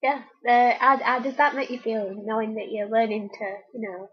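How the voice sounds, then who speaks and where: A woman's voice: on the high side, moderate pace, slightly rough. A woman interviewing her younger sister in a casual chat, asking probing questions with dry teasing. The recording is a dull, lo-fi home recording.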